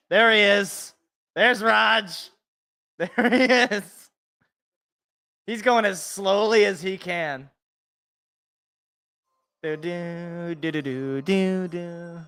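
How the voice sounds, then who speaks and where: A young man with a high, bright, fairly tense voice hosts a casual live reaction stream. He talks loosely, thinks out loud and chuckles to himself between remarks. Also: takes it slowly, long pauses.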